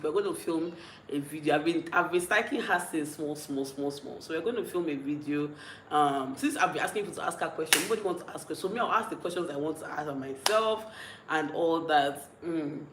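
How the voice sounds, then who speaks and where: On a livestream, a tipsy, mellow young vlogger from Nigeria reads out viewer comments and rambles, giggling often and restarting her sentences. She speaks with a Nigerian accent in a deep voice. The low-quality recording is reverberant and carries slight background noise.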